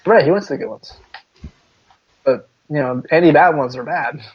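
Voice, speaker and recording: Laid-back husky dude cohosting a podcast, muffled lo-fi sound. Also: male voice, on the high side, moderate pace. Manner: rambling, laid-back, laughs often. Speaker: podcast co-host. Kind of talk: casual chat. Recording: dull lo-fi podcast audio.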